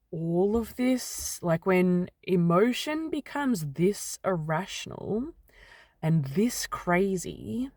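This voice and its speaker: A woman's voice: fairly low pitch, no room sound. A woman, talking candidly in a rambling personal vlog, getting heated and swearing mildly as she vents. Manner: rambling, animated when venting, mild swearing. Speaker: vlogger.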